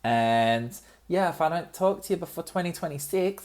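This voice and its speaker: A woman's voice: low-pitched, animated, normal speed, darkish tone. A young woman hosting a casual solo podcast, chatty and cheeky, swearing freely with lots of ums, recorded in an apartment. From Australia. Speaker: podcast host. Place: friend's apartment.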